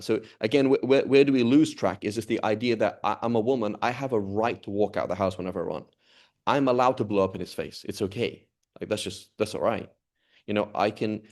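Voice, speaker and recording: A man's voice: lowish voice, darkish tone. A man teaching an informal class, talking conversationally and often checking in with the students. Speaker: Islamic studies teacher.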